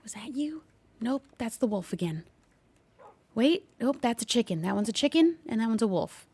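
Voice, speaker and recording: A woman streaming a game, chatting and playing along with an unseen visitor, easily startled and quick to gasp and laugh. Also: fairly high pitch, big pitch swings, mellow. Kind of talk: casual gameplay commentary with light role-play.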